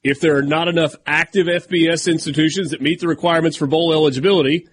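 Southern male sports radio host, slightly high voice, reads rulings aloud then talks them over casually. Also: steady tone, fast talker, slight background noise. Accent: Southern American. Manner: reads documents aloud, then riffs conversationally.

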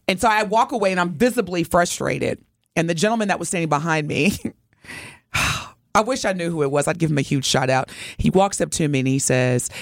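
A middle-aged woman co-hosting a podcast, telling a story in a casual, expressive way and speaking straight to her listeners. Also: lowish voice, brisk, no room sound, studio quality. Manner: animated, expressive storyteller addressing listeners directly. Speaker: podcast co-host.

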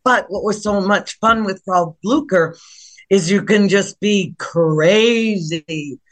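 A woman, a stage actress, answering interview questions over a video call in a halting but enthusiastic way. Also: medium pitch.

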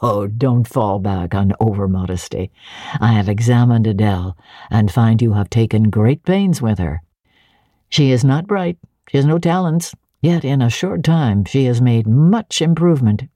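A curt, brooding gentleman barks out short demands in a gruff, lowered voice, as a woman reading the book puts him on. The tone is husky and dark. It is a storybook reading in a dry, close room. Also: normal speed, no echo.

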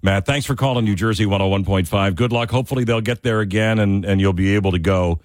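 A man's voice: on the low side, fast talker, no room sound, studio quality. A man hosting a call-in radio talk show, chatting in a friendly way with callers. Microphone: studio microphone.

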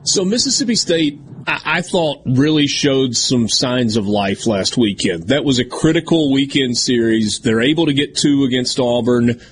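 A man hosting a sports talk radio show, chatting casually and tossing in quick asides. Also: medium pitch, expressive, slight background noise.

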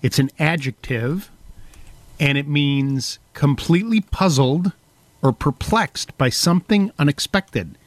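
A man's voice: a little high, slow, dry recording, low-quality recording. A man hosting a home improvement radio show, telling playful stories in casual banter. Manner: animated storyteller, playful. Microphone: studio microphone.

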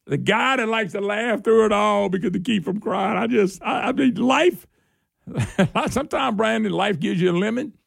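A middle-aged man hosting a political talk radio monologue. He laughs and mocks as he talks, getting excited. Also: sits high, normal speed, vocal fry, slightly rough, no room sound, clean studio sound.

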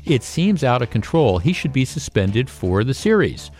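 A man hosting a radio talk show, talking casually with lots of restarts and growing animated as he goes. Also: mid-range voice, moderate pace, faint music behind. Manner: conversational, with frequent restarts, and animated when quoting. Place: radio studio. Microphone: studio microphone.

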